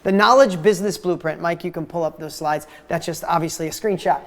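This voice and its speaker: A woman's voice: on the low side, fairly quick. A woman hosting a webinar, upbeat as she walks the audience through a course and directs the slides. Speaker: webinar host.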